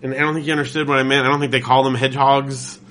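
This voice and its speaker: A man's voice: medium pitch, flat delivery, rapid-fire, pushed and bright, slight background noise. A man from California in casual chat, telling a story with enthusiasm and plenty of filler words.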